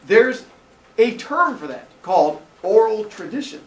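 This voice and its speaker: A young male teacher telling a story to his class in a playful, animated way, acting out the characters. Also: sits high, measured pace, distant mic. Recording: echoey classroom, faint noise.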